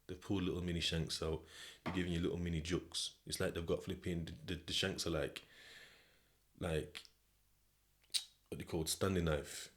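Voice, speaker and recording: A man's voice: low voice, level tone, normal speed, long pauses. A British man hosting a podcast, telling a story in the second person in a casual, slang-heavy way. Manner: slang-heavy, conversational, repeats "do you know what I mean". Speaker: podcast host.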